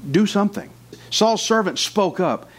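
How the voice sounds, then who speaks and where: A man's voice: high-pitched, lively intonation, a little slow. Fervent preaching man. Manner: fervent, acts out listeners' doubts in quotes. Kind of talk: sermon.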